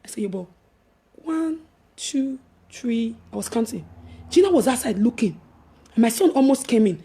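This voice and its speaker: Nigerian lady telling a story, high voice, laughs a lot, goes loud then quiet. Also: normal speed. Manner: animated, laughing, dramatic swings from loud to hushed. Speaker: evangelist vlogger. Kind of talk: casual storytelling monologue.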